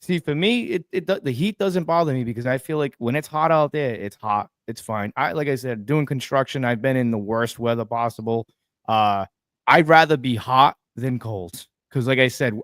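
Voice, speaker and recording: A man co-hosting a sports talk show, telling stories in a folksy, animated way. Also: mid-range voice, no room sound, studio quality. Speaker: co-host.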